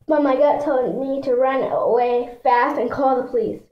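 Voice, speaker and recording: A woman's voice: high voice, steady tone, moderate pace, roomy sound, lo-fi sound. A woman reading a children's book aloud in a chatty way, stumbling over words and adding asides for her listeners. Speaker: reader.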